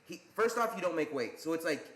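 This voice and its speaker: A man co-hosting a podcast, chatting about fights in an animated way. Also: fast, roomy sound. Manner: animated, swings pitch wide when mimicking. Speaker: podcast co-host. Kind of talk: casual chat.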